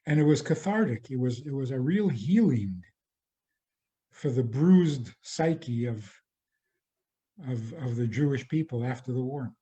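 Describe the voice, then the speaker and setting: A man, a rabbi, giving a spoken lecture in a measured way, often restarting and repeating phrases. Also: mid-range voice, animated, mellow, lo-fi sound.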